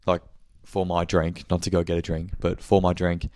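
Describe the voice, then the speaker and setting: A man's voice: sits low, completely flat delivery, normal speed, mellow, no room sound, studio quality. A young man telling a rambling story on his podcast, swearing and correcting himself as he goes. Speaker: podcast host. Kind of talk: casual monthly check-in chat.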